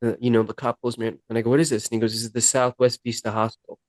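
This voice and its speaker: A man's voice: medium pitch, flat delivery, very fast, a little mellow, no room sound. A man, a podcast guest and musician, earnestly retelling his recovery story in a sit-down interview, acting out the dialogue and near tears at times.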